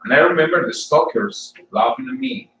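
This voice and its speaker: A man from Colombia, giving an informal sermon and personal testimony for a church service, halting and often repeating words as he tells his story. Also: high voice, sing-song, vocal fry, reverberant, recorded from a distance, background noise. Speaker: church speaker.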